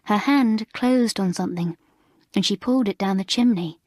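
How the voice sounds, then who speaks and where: A woman reading a children's school story aloud in an expressive, measured narration. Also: mid-range voice, no echo, clean studio sound. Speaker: audiobook reader.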